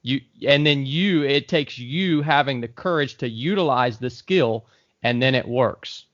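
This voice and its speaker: A man's voice: medium pitch, a little slow, fairly bright tone, no echo, dull audio. A male podcast host asking long, rambling questions, restarting often and tacking "man" onto his sentences. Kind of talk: conversational podcast interview.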